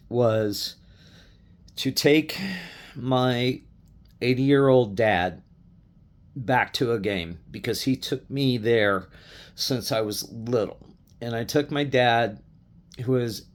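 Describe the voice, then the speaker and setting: Impassioned middle-aged man ranting. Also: on the low side. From Colorado. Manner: impassioned, repetitive, swearing, restarts. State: choked up, emotional. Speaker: sports fan. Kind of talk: emotional fan rant.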